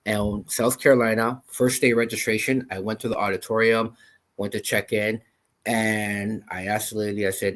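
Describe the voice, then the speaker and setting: A man in his fifties from Canada, guesting as a coach. He tells stories in a lively, animated way during relaxed conversation. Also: on the low side, moderate pace. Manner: animated anecdote teller. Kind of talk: casual storytelling.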